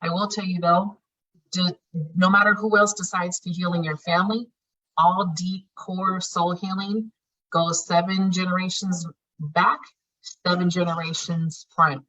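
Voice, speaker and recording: A woman's voice: fairly low pitch, a bit bright. A woman leading a healing class, talking in a frank, emphatic way and swearing casually. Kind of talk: teaching an online class. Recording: dull lo-fi sound.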